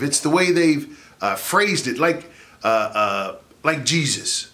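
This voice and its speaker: A man, a comedian and laugh therapist, giving an animated, jokey motivational talk that rises into shouts for effect. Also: medium pitch, slow pace.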